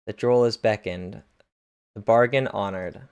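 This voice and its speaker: Low-voiced man reading dramatic captions. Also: steady tone, unhurried, clear, resonant tone, highs cut off. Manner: casual, stumbles on words. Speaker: reader narrating a webcomic.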